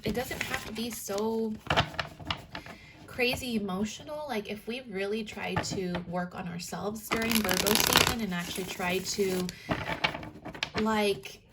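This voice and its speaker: A woman's voice: medium pitch, heavy background noise. A young woman giving a casual tarot reading, rambling with lots of filler words and casual swearing. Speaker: tarot reader and spiritual coach.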